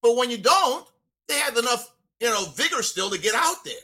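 Guy ranting on a sports podcast, high voice, super bright, says you know constantly. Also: lively intonation, a little fast. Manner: fired-up, blunt, fond of "you know". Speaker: co-host giving a weekly rant. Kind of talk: casual sports podcast rant.

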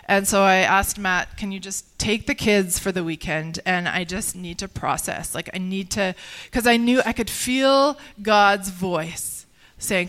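A woman tells her personal faith story in an earnest, halting way, circling back and restarting her sentences. Her voice is smooth and clear, sitting at an ordinary middle pitch. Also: steady tone, a bit bright. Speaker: guest sharing a personal testimony. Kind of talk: personal testimony in conversation.

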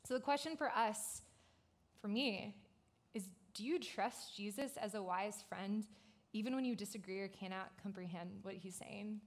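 A woman pastor giving a youth sermon in a casual, conversational way, telling the story with animated asides and lots of "like" fillers. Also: mid-range voice, normal speed.

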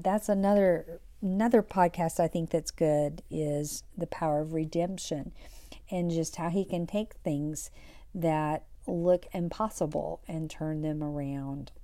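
A middle-aged woman hosting a devotional podcast, talking in a soft, reflective way and dropping to a whisper for scripture. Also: fairly low pitch. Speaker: podcast host.

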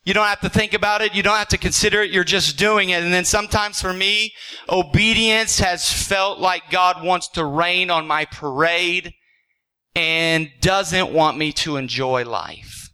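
A pastor preaching in a high, bright man's voice. He speaks earnestly and conversationally, stacking up rhetorical questions and checking in with his listeners. He often trips into quick restarts mid-sentence. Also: clear, resonant tone, low-quality recording. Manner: frequent stammered restarts. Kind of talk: sermon.

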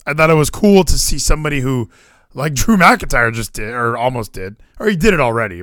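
A man's voice: mid-range voice, a bit bright, dry recording, clean studio sound. A man hosting a casual podcast chat, joking and rambling. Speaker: podcast host.

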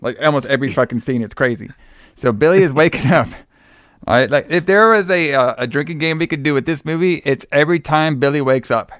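A man's voice: fairly high pitch, fairly quick, a bit bright, no echo, studio quality. A man casually recapping a movie plot, rambling with many fillers and restarts.

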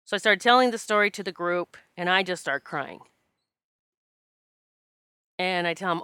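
A woman's voice: fairly low pitch, normal speed, long pauses, smooth, no echo, studio quality. A woman who practises Reiki, telling a personal story in a candid, emotional, casual way and acting out what people said. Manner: emotional, candid, animated quoting of herself.

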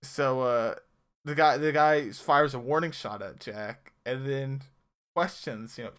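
Recapping a TV episode for his podcast, this co-host takes it slowly, wandering, laughing often and fixing his own mistakes as he goes. His medium-pitched voice is smooth and a bit bright.

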